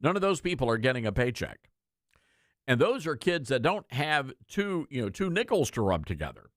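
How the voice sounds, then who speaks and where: A man's voice: medium pitch, very animated, moderate pace, no room sound, clean studio sound. A man hosting a political talk radio show, commenting in a folksy, sarcastic, conversational way.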